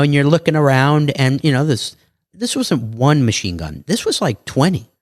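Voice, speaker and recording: A man tells stories as a podcast guest, casual and animated, slipping into other people's voices as he goes. His voice sits in a middle pitch. The recording is close and dry. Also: normal speed, dry recording. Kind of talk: casual interview storytelling.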